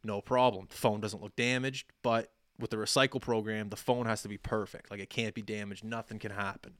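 On a podcast, a man in his 30s with a lowish voice spins a long tale a bit quickly, recorded at studio quality with no room sound. As co-host, he animatedly performs the quoted dialogue from both sides in this casual storytelling.

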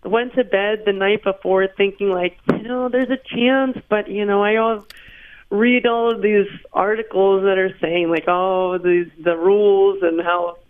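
A woman's voice: mid-range voice, unhurried. Woman guest on a tinny phone line. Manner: animated, laughing storyteller. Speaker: interview guest. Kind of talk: phone interview.

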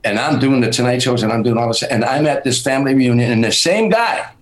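A man's voice: medium pitch, quick pace, low-quality recording. An older man, a comedian guest, telling stories in casual chat and acting out the people he quotes. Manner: animated storyteller, acts out quoted people.

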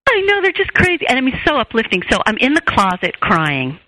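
A woman therapist, a radio guest, telling a personal story with lively, expressive delivery and acted-out quotes. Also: brisk, low-quality recording. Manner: expressive, acts out quoted voices with big pitch jumps. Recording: radio show.

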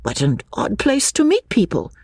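A woman's voice: mid-range voice, wildly swooping pitch, normal speed, vocal fry, darkish tone, husky, no echo, pitched above the performer's own voice, heavily acted. A woman voicing a proper young English lady, earnest and slightly nervous. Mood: flustered.

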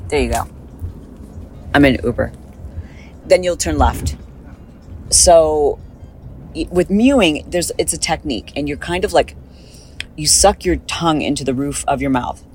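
A woman podcast host chatting casually in a car, rambling and animated, with a slight lisp from recent dental work. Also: sits low, measured pace, long pauses, slight background noise, rough recording. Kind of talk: casual chat, recorded on the go.

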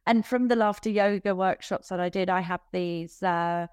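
A woman's voice: fairly low pitch, moderate pace, darkish tone, smooth, no room sound. Woman coach chatting on a podcast, laughs a lot, goes off on little tangents, dry close sound. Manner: chatty, laughs easily, self-deprecating asides. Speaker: business coach guest. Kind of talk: casual podcast interview.

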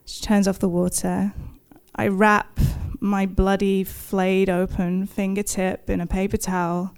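A woman's voice: mid-range voice, level tone, unhurried, gravelly, darkish tone, smooth. A woman in her thirties telling a personal story in the present tense, vivid and self-deprecating, with bursts of laughter. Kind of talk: first-person storytelling to an audience.

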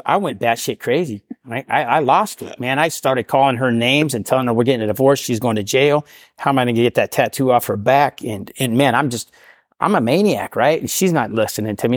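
A middle-aged man from the Portland area telling his recovery story in a casual, animated way, acting out the voices of the people in it. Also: medium pitch, no echo, clean studio sound. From Portland, Oregon area. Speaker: guest sharing recovery story.

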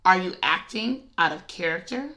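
A woman's voice: on the low side, lively intonation, normal speed, pushed and bright. A woman hosting a devotional podcast, chatting casually and animatedly, often breaking into laughter. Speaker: podcast host.

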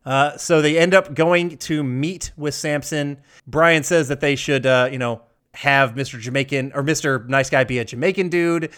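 A man with a somewhat high voice hosts a podcast in loose, casual chat. He walks through movie scenes and jumps into quoted lines. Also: a bit bright, smooth. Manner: chatty, recaps scenes with quick quotes. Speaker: podcast host.

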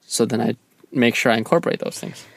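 Gravelly-voiced man, calm and measured. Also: mid-range voice, no room sound. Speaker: podcast co-host talking with his partner. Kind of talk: casual chat.

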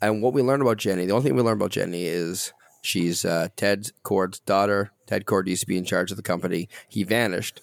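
Low gravelly podcast host. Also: male voice, fairly quick, few pauses, no room sound. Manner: wry, asks questions and moves the show along. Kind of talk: casual movie discussion.

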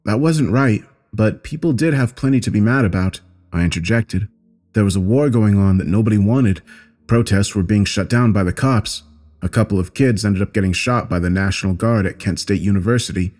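A man narrating a first-person horror story in a measured, scripted way. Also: fairly low pitch, darkish tone.

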